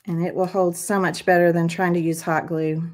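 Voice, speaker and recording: Hosting a live craft stream, a woman talks through every step as she demonstrates it. Her pitch is fairly low and her tone darkish, with flat delivery at normal speed, yet she stays chatty and encouraging with her viewers.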